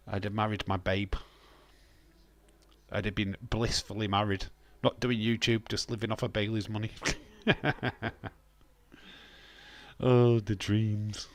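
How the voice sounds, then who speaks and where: English man bantering with his live chat. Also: mid-range voice. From England. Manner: jokey, banters with chat, bursts of laughter and loud exclamations. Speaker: live stream host. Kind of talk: casual live-stream chat reading viewer comments.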